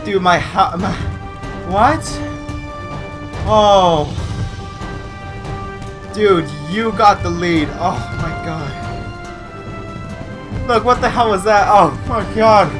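A young man hosting a gaming channel, giving excitable live commentary with yelps and repeated cries of no. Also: high voice, extremely slow, long pauses, music in the background.

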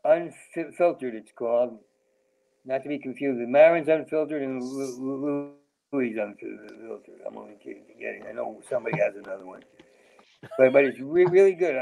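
A man's voice: medium pitch, creaky, warm tone, low-quality recording. A male comedian riffing in a rambling stream of consciousness, with heavy stammering and sudden jumps between topics. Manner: heavy stammering, repeats sounds and words. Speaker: comedian guest.

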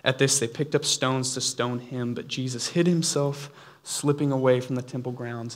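A man preaches a sermon with an earnest, conversational tone. His voice sits at an ordinary middle pitch, and he drifts easily into playful asides before he settles back into a serious point. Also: normal speed.

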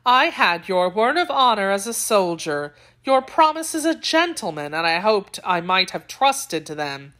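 An anxious young woman pleads with urgent reproach, as a woman reads her part. The voice rises a little higher than the narration, as in a storybook read aloud. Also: lively intonation, takes it slowly, hardly any pauses.

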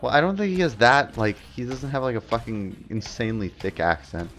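A young man gaming with friends over voice chat, reacting loudly and laughing. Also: medium pitch, very animated, brisk. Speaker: gamer.

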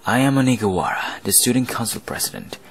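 A man's voice: mid-range voice, fast talker, a bit bright, husky. A man voicing a solemn teenage student council president who explains things formally.

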